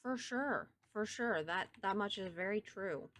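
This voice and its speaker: A woman's voice: medium pitch, lively intonation, unhurried, a bit bright, dry recording, clean studio sound. A woman with a Southern US accent streaming a game, chatting casually with her viewers and thinking aloud as she plays. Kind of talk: casual gameplay chat with viewers.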